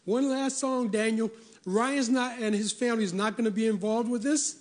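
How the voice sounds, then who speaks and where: A man's voice: very high voice, fairly even intonation, normal speed. A male pastor preaching a folksy, emphatic sermon to his congregation, slipping into quoted voices.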